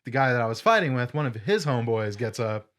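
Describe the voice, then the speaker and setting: A young man co-hosting a podcast, telling a story in casual chat, animated and full of swearing. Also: medium pitch, fast talker. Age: young adult. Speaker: podcast co-host.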